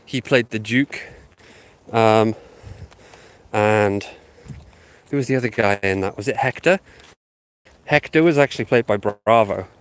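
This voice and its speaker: Sniffly from a sinus infection, a male host talks casually to his viewers through a handheld phone while out walking the dog in a housing estate, um-ing a lot. His lowish, smooth voice is unhurried with frequent pauses, and the recording is dry.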